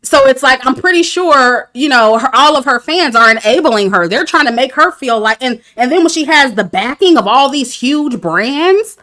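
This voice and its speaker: Lively, bright-voiced woman ranting casually. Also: sits high, normal speed, few pauses. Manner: candid, laughs often, talks to chat. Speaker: reality TV commentator. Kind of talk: casual review livestream.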